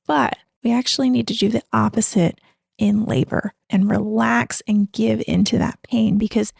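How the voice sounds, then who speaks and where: A woman's voice: on the high side, steady tone, moderate pace, gravelly, a little mellow, breathy edge, no room sound, clean studio sound. An American woman in her thirties hosting a podcast, talking casually and encouragingly with frequent fillers and laughs. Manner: chatty, encouraging, laughs often, many fillers. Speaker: podcast host, labor nurse. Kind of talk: casual instructional podcast talk.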